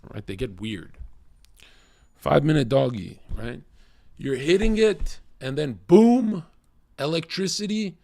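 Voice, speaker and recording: A man's voice: expressive, measured pace, vocal fry, long pauses, dry recording. Blunt, profane male streamer, dry close mic. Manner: blunt, profane, swings from shouting to low muttering. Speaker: livestream host talking to chat. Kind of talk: unscripted livestream rant.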